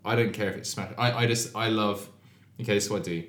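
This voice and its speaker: Deep-voiced easygoing man. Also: steady tone, quick pace, fairly bright tone. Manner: easygoing, hesitant with many fillers. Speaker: podcast co-host. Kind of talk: casual chat. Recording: roomy echoey room.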